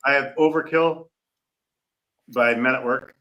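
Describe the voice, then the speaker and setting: A man co-hosting a music podcast, speaking haltingly with restarts and casual swearing. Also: mid-range voice, muffled recording. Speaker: podcast co-host. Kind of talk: casual chat.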